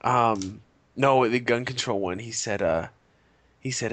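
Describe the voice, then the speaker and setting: A young man co-hosting a podcast in casual chat, animated, swearing freely and laughing often. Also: medium pitch, measured pace, no echo. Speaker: podcast co-host.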